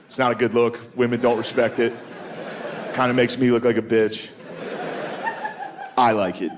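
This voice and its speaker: A man in his thirties doing stand-up, his talk loose and crude, full of swearing and self-mockery. His voice sits at an ordinary pitch for a man. Loud audience laughter and room noise sit behind his handheld stage mic. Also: flat delivery, moderate pace. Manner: casual, swearing, self-deprecating, drops into silly voices. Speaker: stand-up comedian. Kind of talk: stand-up routine. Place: comedy club stage. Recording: live club recording, loud audience laughter.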